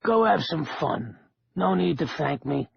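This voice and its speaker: A man voicing a crude, menacing male casino owner who sneers and insults, with a gravelly voice. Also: fairly high pitch, lively intonation, a little slow, dry recording, dull audio, exaggerated voice. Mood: sneering. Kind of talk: audiobook character voice.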